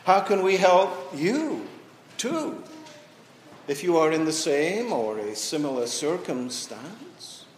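A man preaching a sermon as pastor in a church, reading scripture and telling a story with slow, deliberate pauses. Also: a little high, big pitch swings, slight background noise. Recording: echoey church from a distance.

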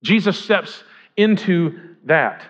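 A man's voice: high voice, expressive, slow pace. A man preaching as pastor in a conversational way, asking the congregation questions as he retells a story. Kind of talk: sermon. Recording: dull lo-fi sound.

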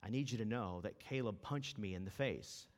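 A man's voice: on the low side, normal speed, natural voice. A man quoting a hurt little girl. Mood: indignant. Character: upset young girl demanding justice.

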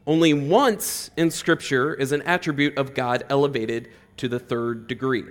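A man's voice: medium pitch, steady tone, normal speed. Conversational man preaching a casual sermon. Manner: conversational, fillers like "like", swells loud on repeated words. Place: church hall.

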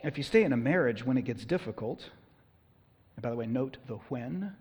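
A man preaching a sermon as pastor, talking conversationally and punching words with bursts of loud emphasis. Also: mid-range voice, expressive, brisk, breathy edge, in a large hall.

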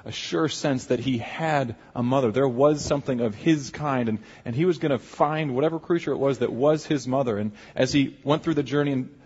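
A male preacher delivering a sermon in a reflective, conversational manner, often restarting his phrases. His voice sits at a middle pitch and sounds husky. The recording is dull, with a long hall reverb. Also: a little fast, few pauses, darkish tone.

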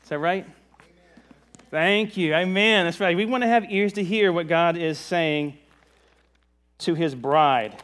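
A man from the Virginia mountains preaching a sermon in a relaxed, conversational way, joking with the congregation. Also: high-pitched, measured pace, pauses often. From Virginia mountains, USA. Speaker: pastor. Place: church service.

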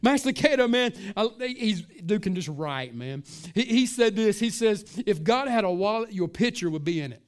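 A middle-aged man preaches in a relaxed, street-casual way, peppering his lines with "man" and "listen." He sinks to near-hushed tones for weighty points, then swells louder and drags out the words he wants to land. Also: high voice, moderate pace, hardly any pauses. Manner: swings between hushed and loud, stretching key words. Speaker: pastor. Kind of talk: sermon.

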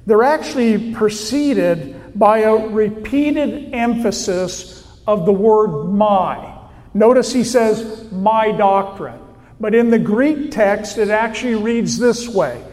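A male pastor delivers a sermon from a church sanctuary, his voice sitting high for a man. He speaks slowly and deliberately, pausing on each word for emphasis. A long reverb from the hall trails after his phrases. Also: expressive, darkish tone. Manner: slow, deliberate preaching with emphatic pauses.

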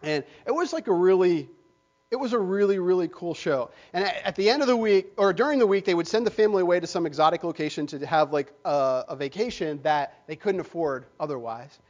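High-voiced man preaching a sermon. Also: animated, brisk, darkish tone, dull audio. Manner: rambling storyteller, lots of fillers and restarts.

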